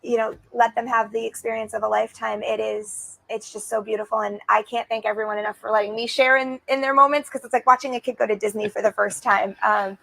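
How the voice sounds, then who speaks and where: Gushing woman in her thirties, gravelly edge. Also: a little high, fairly even intonation, fast talker, hardly any pauses, bright, forceful tone, no room sound, poor audio. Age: 30s. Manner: gushing, heartfelt, with many restarts. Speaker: racing program guest. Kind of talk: enthusiastic interview talk. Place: racetrack broadcast set.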